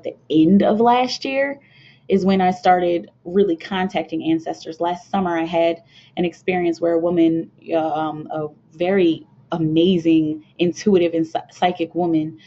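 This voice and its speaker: A young woman from the United States talks to her viewers about spiritual matters, earnest and meandering, full of fillers and false starts. Her voice sits low with a soft, mellow tone. The sound is dull and lo-fi. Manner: earnest, rambling, with many fillers and restarts. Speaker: spiritual card reader hosting a channel. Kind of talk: casual spiritual talk to viewers. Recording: dull lo-fi home video sound.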